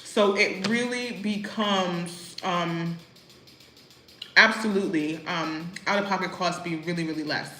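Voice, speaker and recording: A woman's voice: lowish voice, unhurried, pushed and bright, echoey room, a little hiss or hum, low-quality recording. A woman vlogging in a casual, chatty way, full of "like" and "you know what I mean," talking about life as an expat. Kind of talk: casual chat. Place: living abroad as an expat.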